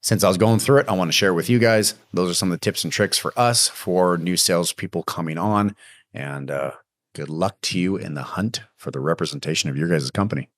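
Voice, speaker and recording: Deep-voiced man giving blunt sales advice. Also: fairly quick, no echo, clean studio sound. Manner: emphatic, coaching, acts out sales pitches. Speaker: podcast host. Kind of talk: casual business advice monologue.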